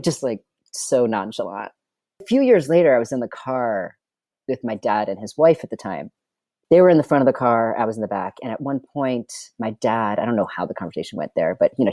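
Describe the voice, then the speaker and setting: A man's voice: fairly low pitch, expressive, moderate pace, warm tone, no echo, studio quality. A middle-aged man, a filmmaker guest, telling personal stories in a wry, chatty way full of filler words. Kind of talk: candid personal storytelling.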